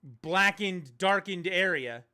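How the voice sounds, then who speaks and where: A man's voice: sits high, lively intonation, slow pace, pushed and bright. A man streaming a video game, chatting casually and ranting bluntly, with some profanity. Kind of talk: casual livestream chat while gaming.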